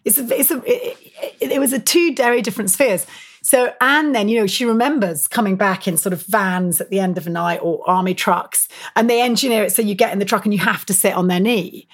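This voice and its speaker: A woman's voice: mid-range voice, a little fast. A woman, speaking as an author interviewed as a guest. She tells her stories with energy, laughs often, and uses lots of fillers and restarts. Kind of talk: animated storytelling interview.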